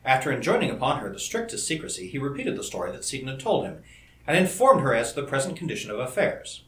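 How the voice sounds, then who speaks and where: An audiobook narrator reads a novel aloud in scripted narration, using a measured and expressive storytelling style. His voice is medium in pitch, and the recording has a roomy echo.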